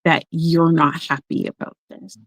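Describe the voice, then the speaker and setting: A woman who works as an emotional coach, talking in a casual podcast conversation and telling stories with lively acted-out voices. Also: deep voice, a little slow, no echo. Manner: animated storyteller, acts out quoted voices.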